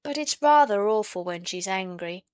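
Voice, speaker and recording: A woman's voice: mid-range voice, lively intonation, moderate pace, darkish tone, smooth, natural voice. A woman voicing a young boy, a thoughtful brother, in a plain, matter-of-fact way.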